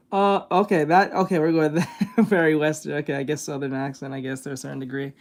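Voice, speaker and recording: A man's voice: a little high, level tone, a little fast. A man streaming live, chatting casually with viewers in a rambling, hesitant way, full of fillers and restarts. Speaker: art streamer reacting to videos.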